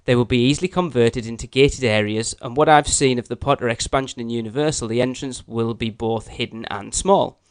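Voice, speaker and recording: A man's voice: mid-range voice, a little fast, hardly any pauses, clean tone, no echo. A man co-hosting a casual podcast, joking and reading listener emails aloud. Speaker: podcast co-host.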